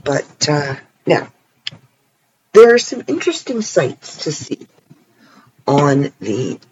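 A man's voice: on the high side, wildly swooping pitch, slow, highs cut off, slight background noise. A Canadian man chatting casually and playfully on his own in a rambling vlog, tired at night. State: tired, stretching sore legs. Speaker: vlogger. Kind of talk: casual solo chat. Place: indoors, alone at night.

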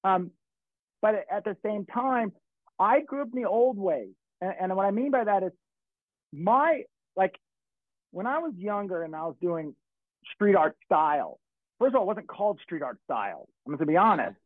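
A man's voice: high voice, expressive, moderate pace, pauses often, no echo. A middle-aged man from California telling stories in casual chat, rambling and swearing with many restarts. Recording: tinny phone-like dry sound.

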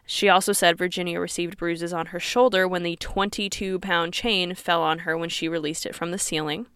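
A woman's voice: on the low side, a bit bright, clear, resonant tone, no room sound, studio quality. A woman hosting a podcast, telling a true crime story in an earnest, conversational way and reading quoted sources aloud. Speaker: podcast host.

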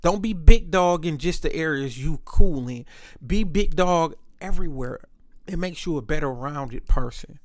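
A man's voice: a little high, animated, measured pace. A man talking in a casual monologue, rambling, profane and often interrupting himself.

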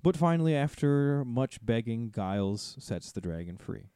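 A man's voice: medium pitch, normal speed, clear, resonant tone, no echo. A man co-hosting a book podcast, casually summarizing plot for his co-hosts. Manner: relaxed, summarizing plot with light laughs. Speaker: podcast co-host. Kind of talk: casual discussion summarizing a story.

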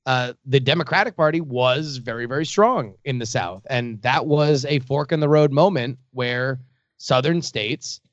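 A man's voice: mid-range voice, a little slow, dry recording, dull audio. Man explaining history on talk radio. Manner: explanatory, lots of fillers and restarts. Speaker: radio co-host.

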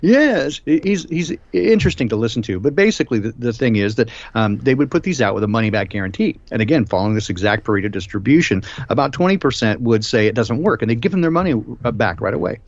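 A man hosting a live stream discussion, talking in a rambling, emphatic way with many filler pauses. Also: medium pitch, expressive, no room sound. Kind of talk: casual discussion. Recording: dull lo-fi stream audio.

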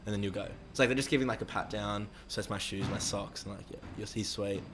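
A young man rattles through a rambling story at a fast clip, acting out the voices of the people he quotes. His voice sits fairly low and his talk is loose and full of swearing. Faint noise sits under the recording. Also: steady tone. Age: young adult. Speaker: interviewee. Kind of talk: casual storytelling with heavy swearing.

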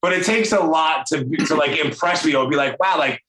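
A man's voice: a little high, normal speed, roomy sound, crowd noise, rough recording. A middle-aged man with a New York accent, hosting a podcast in loose, rambling chat over a video call. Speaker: podcast host. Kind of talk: casual interview chat.

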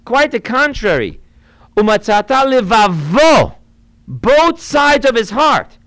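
Man, rabbi giving a Torah class, high voice, earnest, explanatory, Hebrew quotations, dry close recording. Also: sing-song, takes it slowly, fairly bright tone, no echo, rough recording. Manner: earnest, explanatory, quoting Hebrew and Yiddish texts.

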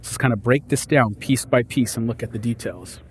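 A man preaching a sermon in a casual, conversational way, reading scripture and explaining it with lively asides. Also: medium pitch, brisk, slight background noise. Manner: conversational, animated, acts out disciples' lines. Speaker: pastor.

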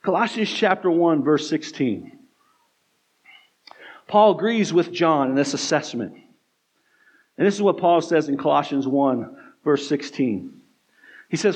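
A man's voice: fairly high pitch, expressive, normal speed, long pauses. A man with an American accent preaching a sermon, emphatic, with repeated phrases and rhetorical questions to the congregation. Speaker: pastor.

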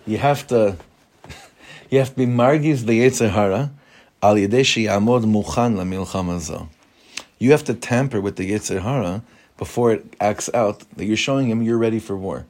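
Rabbi teaching an informal class. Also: male voice, on the low side, normal speed, a little mellow. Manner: conversational, mixes Hebrew terms into English, asks the room questions.

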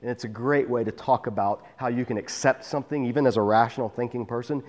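A man's voice: medium pitch, darkish tone. A man giving a conversational Bible teaching, reading verses and adding wry asides. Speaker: pastor. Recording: long reverb of a large room.

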